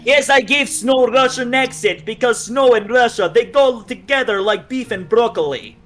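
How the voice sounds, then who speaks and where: A man's voice: very high-pitched, normal speed, a bit bright, soft background music. A man joining a voice call for casual chat, laid-back and jokey.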